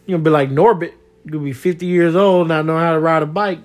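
A man's voice: on the high side, quick pace, faint music behind. A man chatting casually with his child, teasing and joking in a loose, slangy way. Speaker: parent.

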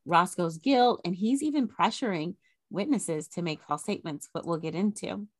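A woman's voice: fairly low pitch, moderate pace, no room sound. A woman co-hosting a podcast, animatedly retelling an old scandal with chatty asides. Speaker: podcast co-host. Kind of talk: casual history storytelling.

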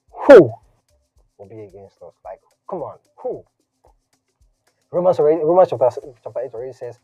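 A man giving a casual, conversational sermon, animated and slangy in his asides. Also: mid-range voice, husky, no room sound. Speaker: preacher. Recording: dull lo-fi audio, faint music.

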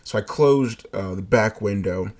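A man telling a workplace story in a casual, animated way, swearing and laughing as he goes. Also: lowish voice, a little slow. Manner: animated, profane, laughing asides. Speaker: fast-food shift lead.

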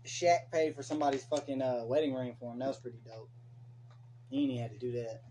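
A young man hosting a casual late-night podcast, ranting profanely with animated opinions. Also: medium pitch, fast. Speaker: podcast host.

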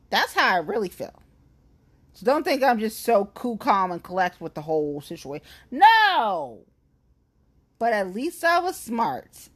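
Fired-up woman in a profane rant. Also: mid-range voice. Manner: blunt, profane, heated, emphatic. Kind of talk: angry venting rant to camera.

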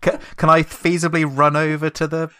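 A man's voice: fairly high pitch, flat delivery, a little fast, bright, forceful tone, a little hiss or hum. A man playing a tabletop game, wry and mischievous as he plans his move. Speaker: player. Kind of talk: casual tabletop game chat.

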